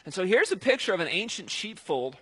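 A man's voice: high voice, very animated, brisk, a bit bright, slightly rough. A man preaching a sermon in a conversational, emphatic way, with fillers and restarts.

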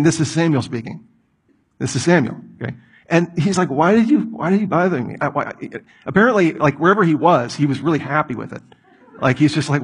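A man preaching a sermon, reading a passage and acting out the people in it with lively commentary. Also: fairly high pitch, breathy edge. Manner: animated, acts out voices of the people in the story. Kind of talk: expository sermon.

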